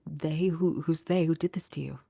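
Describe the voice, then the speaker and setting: Lady doing a worried young guy, anxious and urgent, low dry voice. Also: steady tone, moderate pace, vocal fry, warm tone, no echo. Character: worried young man rushing to a friend.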